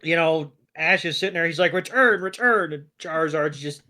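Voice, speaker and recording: A man's voice: a little high, brisk. Laid-back man recapping cartoons. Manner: relaxed, rambling, many fillers. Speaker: podcast co-host. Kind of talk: casual episode recap chat.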